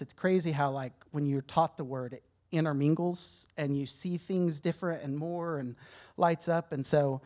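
A man's voice: a little high, a little mellow. A man giving a candid, conversational sermon-style testimony to a church, emotional at times and often restarting his sentences. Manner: conversational, candid, self-correcting. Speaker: church speaker.

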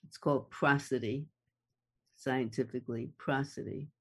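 A guest expert in a conversation, explaining things deliberately and repeating key words for emphasis. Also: medium pitch, fairly even intonation, slightly rough.

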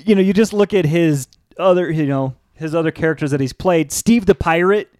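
A man's voice: on the high side, fairly quick, a little mellow, no echo, clean studio sound. Eager laughing male podcast co-host. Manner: eager, laughs a lot, chimes in with trivia. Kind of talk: casual chat.

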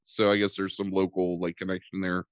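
Guy w a lowish voice riffing sarcastically on a movie, lots of ums and likes, dry close sound. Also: monotone, a little fast, clean tone, no room sound, highs cut off. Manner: rambling, sarcastic, swears, many fillers like "um" and "like". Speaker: podcast host reviewing a movie. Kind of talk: casual chat.

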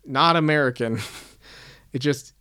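A man's voice: mid-range voice, unhurried, bright, forceful tone, smooth. A man co-hosting a casual book-discussion chat, talking in a thoughtful, self-questioning way. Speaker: podcast co-host.

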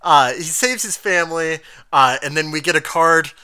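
A man co-hosting a casual podcast, recapping an anime episode in an animated way, laughing often and quoting characters in quick asides. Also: fairly high pitch, clean tone, dry recording, studio quality. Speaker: podcast co-host.

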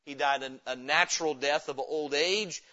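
A man preaching a sermon in a church, his voice bright and forceful and set a little high. He keeps asking the congregation questions and then answers them himself. The recording is dull and lo-fi. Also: moderate pace. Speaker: pastor. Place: church sanctuary.

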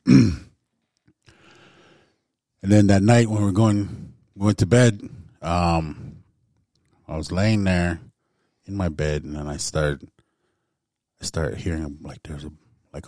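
Man, very low voice, dry close sound, laid-back storytelling, lots of "man" and "like". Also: warm tone, no echo. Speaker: guest storyteller. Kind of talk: casual spoken storytelling.

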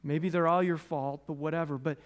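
A U.S. pastor gives a chatty sermon with restarts and side remarks, talking a little fast. Stories bring out a loud, animated voice; prayer brings a soft, low one.

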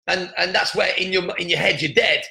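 An earnest man talks through a motivational podcast monologue, circling back and restarting his sentences. His voice sits high and bright, with a gravelly rasp in it. The room around him is echoey. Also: steady tone, brisk. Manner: earnest, repetitive, many restarts. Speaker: podcast host.

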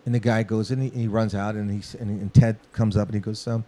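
A guest musician from Los Angeles tells a long story about the studio, casual and profane, acting out what people said. He talks quickly in a lowish voice, barely pausing.

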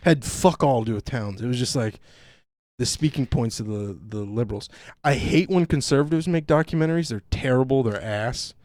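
Man, podcast co-host, sarcastic rant, heavy swearing, middle pitch, dry sound. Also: brisk, a little mellow, no room sound. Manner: sarcastic, mocks others in put-on quotes. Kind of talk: profane casual rant.

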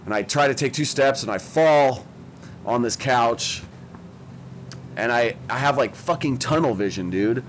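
A young man tells a story in loose, casual chat, swearing freely and poking fun at himself. His voice sits at an ordinary middle pitch. Faint background noise hums under the recording. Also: a little slow, poor audio. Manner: profane, rambling, self-mocking.

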